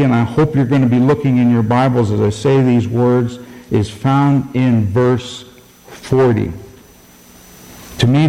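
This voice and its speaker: Male pastor preaching, unhurried and emphatic, fairly high voice, long hall reverb. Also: a little mellow. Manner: storytelling preacher, slow and emphatic. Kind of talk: sermon.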